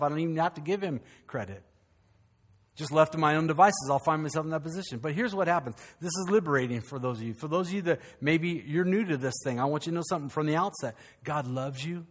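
Man, pastor, lively sermon, high voice, long hall reverb. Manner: lively, joking asides to the congregation. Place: church sanctuary.

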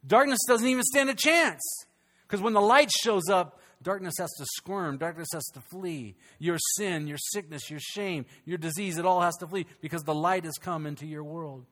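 High-voiced man preaching with loud peaks. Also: moderate pace. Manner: emphatic preaching, swinging between loud peaks and hushed lines. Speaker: pastor. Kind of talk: sermon. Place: church during a service.

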